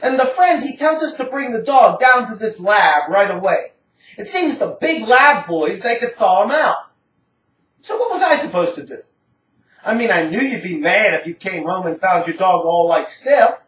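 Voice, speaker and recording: A woman's voice: mid-range voice, expressive, normal speed. A woman giving a dramatic first-person story reading in a rambling, casual, slangy manner. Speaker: narrator. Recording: roomy, distant from the mic.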